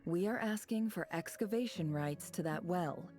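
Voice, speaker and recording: A woman voicing a ruthless, scheming young desert woman in a video game, speaking softly and with quiet menace. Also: on the low side, moderate pace, faint music behind, lightly acted. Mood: businesslike. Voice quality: cool, soft-spoken, menacing.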